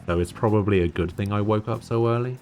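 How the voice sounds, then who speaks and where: A man's voice: on the low side, fast, a little mellow, soft background music. A man streaming a game, chatting in a rambling, casual way while yawning and tired. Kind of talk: casual gameplay commentary.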